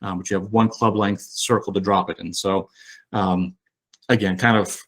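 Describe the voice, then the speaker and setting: A man presenting a webinar as a rules official, talking in a relaxed, explanatory way with frequent fillers and restarts. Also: deep voice, moderate pace. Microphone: online webinar mic.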